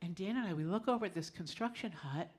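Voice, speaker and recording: A woman's voice: lowish voice, lively intonation, fast talker, a little mellow, slightly rough. A middle-aged woman performing a personal story live on a small club stage, conversational and often laughing as she tells it.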